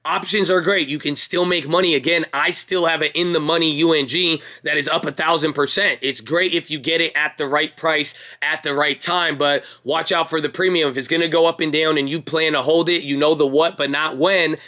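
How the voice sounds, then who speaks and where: Brisk and barely pausing, this young stock market video host keeps up a hyped, pep-talk energy, addressing viewers like buddies and calling them bro and baby as he recaps the market. His voice is slightly high, steady and sharp.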